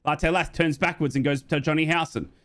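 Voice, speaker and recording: Young aussie guy doing live football play-by-play for his stream, bit high voice, gets loud and fast when it's exciting. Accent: Australian. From Australia. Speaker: fan watchalong commentator. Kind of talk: live play-by-play commentary reading chat.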